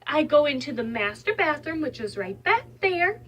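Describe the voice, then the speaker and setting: A woman's voice: high-pitched, very animated, normal speed, fairly bright tone, a little hiss or hum. A young mother of five sharing a heartfelt, faith-filled vlog from her bedroom, talking earnestly and with emotion. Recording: voice slightly distant from mic.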